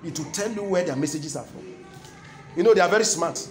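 Nigerian preacher, call-and-response sermon. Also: male voice, high voice, a little fast, a little mellow, faint music behind. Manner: call-and-response, keeps asking the crowd "what?" to complete his lines; emphatic, repeating key phrases.

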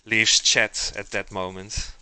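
A man's voice: on the low side, flat delivery, slow pace, pushed and bright, smooth, no room sound. A man chatting casually to his live chat while he cooks, rambling as he goes. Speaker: streamer cooking live.

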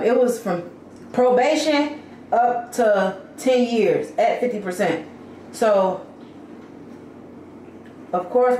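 A woman vlogger talks casually and candidly to her viewers, venting about her day. Her mid-range voice is a little mellow, recorded in an echoey room with a distant mic and slight background noise.

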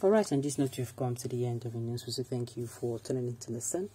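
A woman's voice: rumbling low, fast talker, slight background noise. A Nigerian woman hosting a news commentary show, reading out viewer comments and answering them with emphatic opinion, slipping into Pidgin. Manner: mixes Nigerian Pidgin into talk, animated and emphatic.

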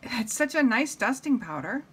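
A woman's voice: fairly high pitch, very animated, moderate pace, breathy edge, pitched above the performer's own voice, exaggerated voice. A woman voicing a cheerful, literal-minded housemaid in a storybook read-aloud, chirpy and eager to please. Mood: innocent.

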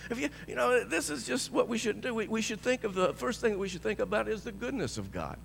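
Male pastor, high bright voice, swinging pitch, animated sermon delivery with chuckles. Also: brisk, creaky, long reverb tail, slight background noise. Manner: animated storytelling, shouting declarations, chuckling often.

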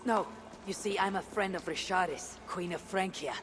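An actress voicing a tough Viking woman warrior in video game dialogue, steady and blunt. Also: on the low side, moderate pace, noisy background, natural voice. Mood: firm. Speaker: game protagonist. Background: game music.

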